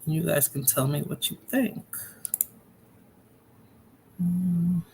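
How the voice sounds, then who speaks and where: A man's voice: a little high, fairly even intonation, takes it slowly, creaky, warm tone, a little hiss or hum. A man hosting a live stream, chatting casually with his viewers and reacting to a video. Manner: chatty, talks to viewers in chat by name. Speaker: livestream host reacting to videos.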